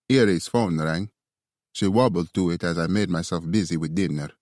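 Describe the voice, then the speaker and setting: A man giving a steady, even reading of first-person romance audiobook narration. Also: low voice, moderate pace, no echo, clean studio sound.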